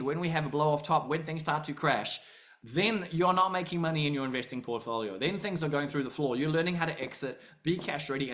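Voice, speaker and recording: A man rattles along quickly, his voice sitting a little high for a man. He hosts a casual group call over a video link, rambling through fillers and restarts as he makes his pitch. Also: a bit bright. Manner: rambling, filler-heavy, many likes and restarts. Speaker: host of an investing webinar.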